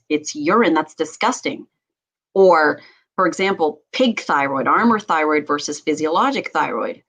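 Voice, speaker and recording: A woman who is a doctor and hosts a health talk show, talking with animated passion and laughing often. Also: deep voice, poor audio. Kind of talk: casual talk show chat.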